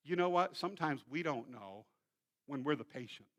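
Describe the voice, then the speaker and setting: A man, a pastor, preaching a sermon in a church and telling a story in an animated way. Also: a little high, normal speed. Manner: storytelling, acts out quoted voices. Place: church sanctuary.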